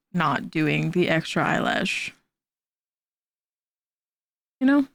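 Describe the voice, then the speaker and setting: A woman's voice: on the low side, lively intonation, slow, vocal fry, pauses often, dry recording. A young woman streaming from home, chatting casually while she draws, rambling and teasing herself, and talking to her cat. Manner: rambling, self-deprecating, talks to her cat. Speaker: art streamer.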